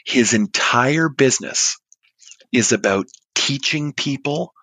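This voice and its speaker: A man in his forties telling an anecdote, chatty and animated, acting out the people he quotes. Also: medium pitch, slow pace, dry recording. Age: 40s. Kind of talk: storytelling monologue.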